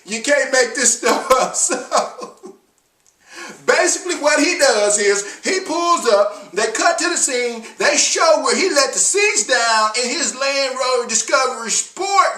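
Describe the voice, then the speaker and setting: A man's voice: extremely high pitch, pushed and bright, roomy sound, far from the mic. A man reviewing commercials in a comedic vlog, talking animatedly with slang and frequent laughs.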